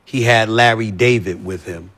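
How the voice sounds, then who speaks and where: A man's voice: on the low side, moderate pace, fairly bright tone. A man talking in a heated, profane podcast conversation, pressing his points again and again. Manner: emphatic, profane, repeats points. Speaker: sports commentator as podcast guest.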